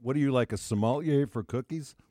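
A man hosting a casual studio chat, steering it with quick questions. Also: medium pitch, mellow, no echo. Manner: leads the talk with quick questions. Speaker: radio host.

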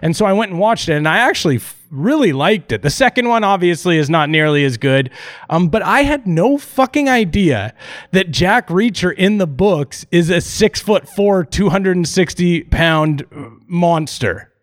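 A man hosting a podcast in casual chat, his voice sitting a little high for a man. He rambles, jokes and swears freely, doubling back on his words as he goes. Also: sing-song, normal speed. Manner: rambling, profane, jokey, with restarts. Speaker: podcast host.

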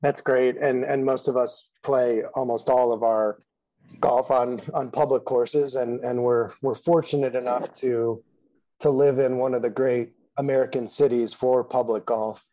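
A man hosting a podcast interview, asking measured questions with some halting repeats. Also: medium pitch, steady tone, dark tone, no room sound, rough recording. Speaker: podcast host.

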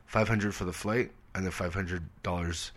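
A man in his forties telling stories in a casual interview, animated and swearing freely, acting out the people in his stories. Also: low voice, moderate pace. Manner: animated storyteller, acts out quoted voices, swears freely. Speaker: comedian guest.

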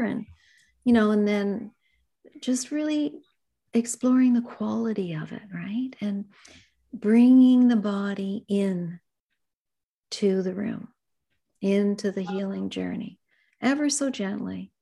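A middle-aged woman therapist being interviewed, speaking gently and reflectively about her work. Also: medium pitch, measured pace, creaky. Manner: gentle, reflective, speaks in soft asides and acted client dialogue. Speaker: therapist and author, guest. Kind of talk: conversational interview.

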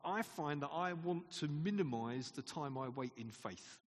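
A man's voice: fairly high pitch, lively intonation, unhurried, breathy edge. A man preaching a sermon in a conversational way, asking the congregation questions and laughing often. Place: church hall. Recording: long hall reverb.

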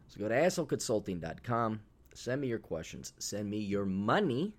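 A man's voice: lowish voice, very animated, fast talker, hardly any pauses. A man hosting a casual solo podcast, talking in a blunt, profane, sarcastic way, rambling with fillers. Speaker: podcast host.

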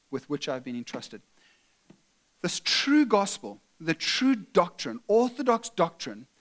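A man preaching a sermon as pastor, earnest and emphatic, at times dropping to a soft, tender delivery. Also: high voice.

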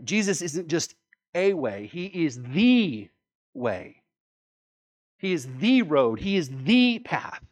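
A man preaching a sermon as pastor, emphatic, repeating key words and asking rhetorical questions. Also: fairly high pitch.

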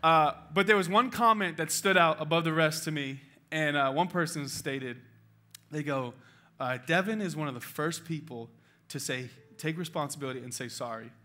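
A man's voice: a little high, moderate pace, bright, forceful tone. A male pastor preaching a sermon in a church, telling a personal story with emotion and urging his congregation passionately. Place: church auditorium.

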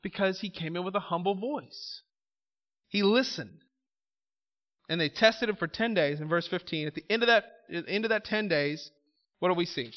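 High-voiced male preacher. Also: normal speed, in a large hall. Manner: emphatic, asks rhetorical questions, calls out "Amen?". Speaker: pastor. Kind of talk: sermon. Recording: slightly muffled recording.

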